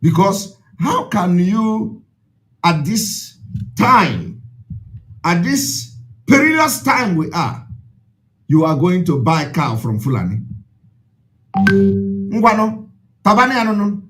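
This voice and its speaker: A man with a Nigerian accent, an Igbo speaker, delivers an impassioned address to his followers. He talks in a high voice that swings widely in pitch and drives points home by repeating them. The tone is emphatic and preaching throughout. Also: big pitch swings, slow pace, pauses often, a bit bright, faint music behind.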